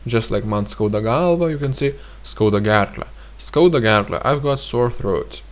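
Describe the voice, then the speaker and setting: Man patiently repeating lesson phrases. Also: medium pitch. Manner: repeats phrases slowly, thinks aloud with fillers. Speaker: language teacher. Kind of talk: explanatory language lesson.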